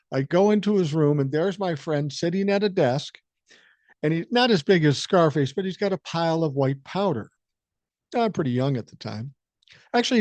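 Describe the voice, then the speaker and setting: A man in his sixties from the Midwest spins a story on his podcast, blunt and laid-back, with plenty of swearing. His voice sits a bit high for a man, recorded close and dry with no room sound. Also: a little mellow, dry recording. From American Midwest. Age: 60s. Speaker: podcast host. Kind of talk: casual storytelling monologue.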